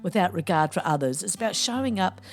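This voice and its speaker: A woman's voice: on the low side, lively intonation, quick pace. A woman hosting a podcast, talking in a playful, cheeky, chatty way. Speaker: podcast host. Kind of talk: casual monologue.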